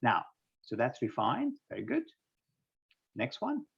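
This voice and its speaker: A man's voice: mid-range voice, huge pitch swings, measured pace, vocal fry, husky, dull audio. A man teaching an online English class, patiently quizzing students by name and explaining word pairings, heard over a video call.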